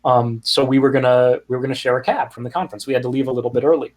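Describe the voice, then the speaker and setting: A middle-aged man, a guest in an interview, telling anecdotes in an animated, conversational way. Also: medium pitch, very fast. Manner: animated anecdotes with quoted voices and laughs. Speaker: guest, music startup founder. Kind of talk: conversational storytelling.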